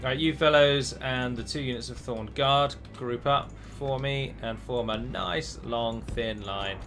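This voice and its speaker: A man's voice: mid-range voice, steady tone, unhurried, music in the background. A man hosting a strategy game let's play, chatty and rambling, with restarts and the odd dramatic flourish. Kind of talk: game commentary.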